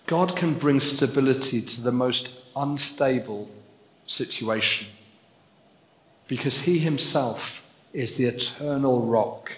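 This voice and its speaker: A man's voice: medium pitch, takes it slowly, fairly bright tone. A man preaching a sermon, earnest and building to emphatic repetition. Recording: echoey hall with long reverb.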